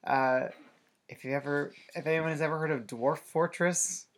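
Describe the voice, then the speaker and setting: A woman's voice: deep voice, fairly even intonation, normal speed. A young woman co-hosting a casual podcast, explaining things through loose tangents and references. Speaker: podcast co-host. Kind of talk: casual chat.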